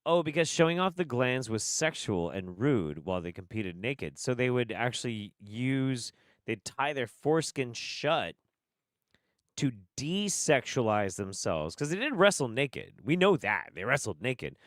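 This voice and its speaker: Animated, profane male streamer. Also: medium pitch, unhurried, no echo, studio quality. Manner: profane, laughing, exasperated. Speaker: streamer host. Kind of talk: casual commentary stream.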